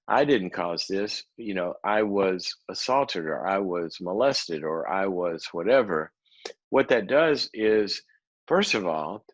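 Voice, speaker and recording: A male psychologist hosting a show, answering a listener question in a measured, emphatic way, repeating key words and using fillers like "um" and "you know". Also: fairly low pitch, fairly bright tone, highs cut off. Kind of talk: unscripted advice talk.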